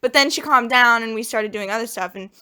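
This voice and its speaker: Bright, hesitant young woman. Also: fairly high pitch, a little fast, clean tone. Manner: hesitant, many fillers. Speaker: podcast co-host. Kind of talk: casual chat.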